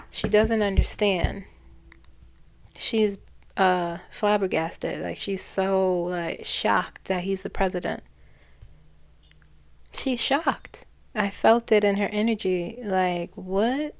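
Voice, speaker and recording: Woman psychic, unhurried casual monologue, rambling and self-correcting. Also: mid-range voice, steady tone. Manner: rambling, trailing off and restarting phrases. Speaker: psychic channeler.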